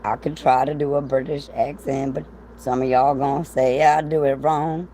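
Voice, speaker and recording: A woman rambles through a casual livestream, profane and amused. Her voice sits low. A faint hiss runs underneath. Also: little pitch movement, normal speed, dark tone, poor audio. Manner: rambling, profane, laughs often.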